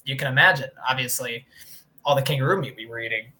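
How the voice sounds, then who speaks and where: A man's voice: mid-range voice, fast, bright, forceful tone. A man co-hosting a casual chat, joking and laughing often. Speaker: podcast co-host.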